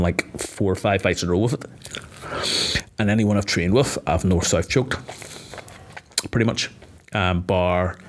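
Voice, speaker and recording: A fairly low-voiced man, an MMA fighter, talks on a podcast in a loose, casual way. He swears freely and leans on "like" as he works through his points. His delivery stays lively and blunt.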